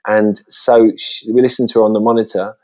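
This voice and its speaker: A man, a guest chatting casually and acting out lively voices in his stories. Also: on the low side, a little fast. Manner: chatty storytelling, lively voices when quoting. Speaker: guest, children's TV presenter. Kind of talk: casual interview chat.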